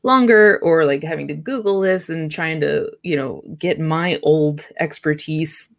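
A woman's voice: deep voice, measured pace, vocal fry. A woman hosting a podcast, chatting casually and affirming her guest. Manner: conversational, affirming with short backchannels. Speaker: podcast host.

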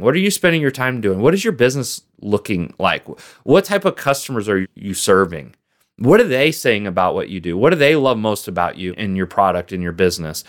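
A man hosting a motivational podcast, speaking earnestly and directly to the listener as a business coach, with steady repeated emphasis. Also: medium pitch. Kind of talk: motivational solo podcast talk.

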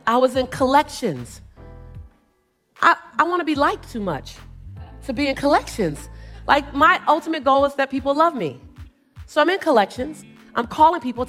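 A middle-aged woman with a fairly high voice delivers a live motivational speech from a stage. She talks with a rhythmic, repeating cadence and keeps pulling a large audience into call-and-response. Soft music sits faintly behind her. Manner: emphatic, rhythmic, calls out for audience replies. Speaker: motivational speaker.

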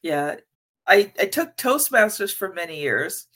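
Bright, lively woman podcast host. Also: mid-range voice, unhurried. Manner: lively, expressive storyteller. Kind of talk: conversational interview.

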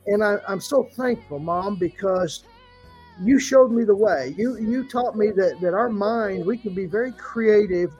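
A middle-aged man co-hosting a podcast, telling family stories in a halting, emotional way with many fillers. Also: sits high, slightly rough, soft background music, rough recording. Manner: warm storyteller, halting with fillers, tearful at times. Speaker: podcast co-host. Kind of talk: heartfelt podcast tribute.

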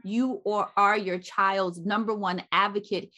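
Slow, bright-voiced woman host. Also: mid-range voice, steady tone. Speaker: podcast host. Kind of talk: interview.

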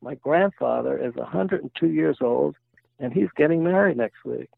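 An older man voicing an indignant patient of about sixty, with a gravelly voice over a phone-like line. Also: on the high side, normal speed, no room sound, full character voice. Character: indignant man around sixty, quick-tempered.

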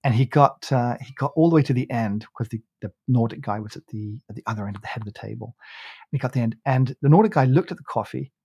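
A man with a mid-range, gravelly voice and a dark, slightly rough tone talks fast as he hosts a coffee podcast. He tells a long anecdote in a loose, rambling way, restarting often and laughing as he goes, in casual storytelling chat. The recording is lo-fi with no echo.

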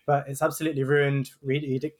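A man in his thirties co-hosting a podcast, talking in an animated, casual way full of fillers and quoted asides. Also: medium pitch, brisk. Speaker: podcast co-host. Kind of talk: casual chat.

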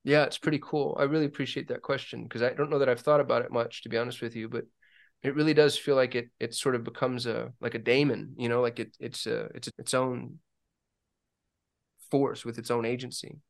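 A man's voice: medium pitch, brisk, gravelly. Candid man talking as a podcast guest. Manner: candid, animated when telling stories, voices other people. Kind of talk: casual conversation.

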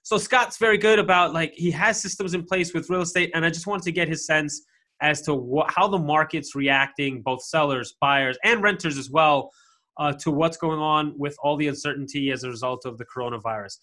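A man's voice: a little high, brisk, sharp tone. A man hosting a podcast, chatty and upbeat, with frequent fillers and restarts. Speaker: podcast host. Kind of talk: casual podcast interview.

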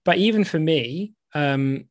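A man's voice: fairly high pitch, a little slow, no room sound, studio quality. A man from the UK co-hosting a podcast, telling stories in casual chat with frequent laughs. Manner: chatty, laughing, animated storytelling. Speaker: podcast co-host.

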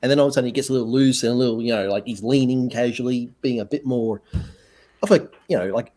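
A man's voice: mid-range voice, quick pace. A man who is a guest on a podcast, talking animatedly about movies and laughing often. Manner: animated, laughs often, argues his reading. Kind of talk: casual movie discussion.

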